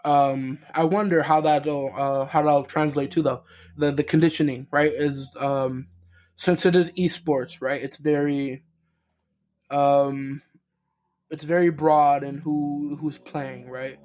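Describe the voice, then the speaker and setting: A man's voice: a little high, fairly even intonation, slow pace, a little mellow. Rambling young man on a podcast. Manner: rambling, many fillers and restarts, swears casually. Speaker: podcast co-host. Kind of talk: casual chat.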